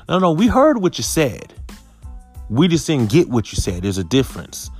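A man's voice: mid-range voice, sing-song, moderate pace, gravelly, soft background music. Chatty middle-aged male stand-up comic. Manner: conversational, keeps saying okay. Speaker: stand-up comedian. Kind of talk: stand-up comedy.

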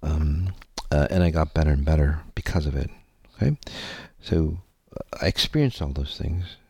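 A man's voice: very deep voice, lively intonation, normal speed, darkish tone, a little hiss or hum. A man telling a candid personal story to his audience, rambling and earnest, with many fillers and some casual swearing.

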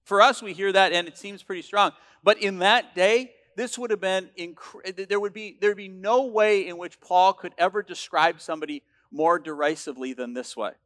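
A male pastor preaching a sermon, emphatic and building to loud declarations, with frequent restarts. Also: high-pitched, moderate pace, few pauses.

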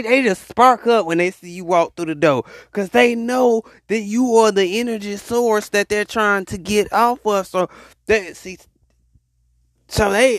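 A man hosting a podcast, ranting in an animated, preachy monologue, repeating his points. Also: high-pitched, no room sound, clean studio sound. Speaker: podcast host.

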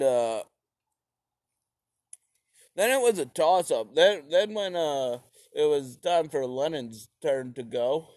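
A man's voice: medium pitch, darkish tone, no room sound, studio quality. A man giving a rambling, profane, jokey retelling of history, slipping into silly voices. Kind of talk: profane comic history rant.

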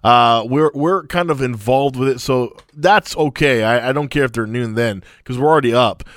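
A man's voice: mid-range voice, moderate pace, fairly bright tone, no echo, studio quality. A young man hosting a sports podcast, teasing his co-host and stretching out his lead-ins. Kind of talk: casual sports talk.

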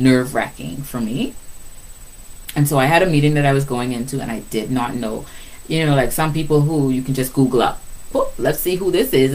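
A middle-aged woman giving a casual, animated faith talk to fellow believers, with a lot of repetition and frequent laughter. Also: deep voice, poor audio. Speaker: Christian speaker.

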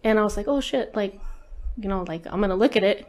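A woman's voice: medium pitch, quick pace, a little mellow. Candid, swearing woman telling her story. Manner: candid, profane, lots of fillers. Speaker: interview guest. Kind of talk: casual storytelling.

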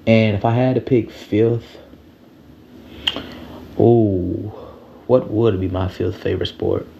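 Gravelly, low-voiced man ranting casually. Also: steady tone, slow pace, warm tone, muffled recording, slight background noise. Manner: loose, profane, rambling with slang. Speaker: sports podcaster. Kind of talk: casual solo sports podcast rant.

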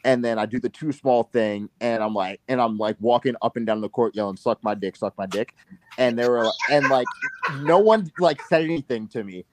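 A man's voice: mid-range voice, brisk, a little hiss or hum. A young man hosting a podcast, rambling through a profane story with lots of fillers. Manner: rambling, profane anecdote-telling with many fillers. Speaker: podcast host. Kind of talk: casual storytelling chat.

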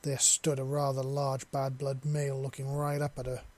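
A man reads a science fiction story aloud in a steady, plain way. His voice is mid-pitched for a man, neither high nor low. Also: normal speed. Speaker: narrator. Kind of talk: storybook reading.

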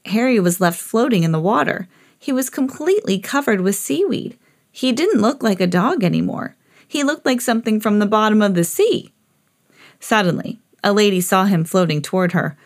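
A woman hosting a podcast, reading a children's picture book aloud in an expressive storytelling voice. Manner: expressive, jumps high for quoted characters. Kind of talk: read-aloud storybook narration.

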